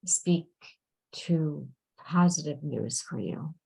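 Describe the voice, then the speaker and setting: A woman channeling on a video call, speaking slowly and soothingly as a collective "we", sometimes dropping to a hushed whisper. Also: low voice, expressive, rough recording. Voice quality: creaky, husky, drifting into soft whispers. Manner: slow, soothing, speaks as a collective "we", often murmurs "dear one". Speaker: channel giving intuitive readings.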